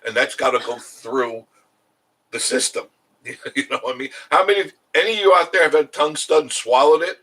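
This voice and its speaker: A man's voice: on the high side, expressive, fairly quick, sharp tone, poor audio. A middle-aged man hosting a casual live stream, rambling and chuckling as he answers viewer comments.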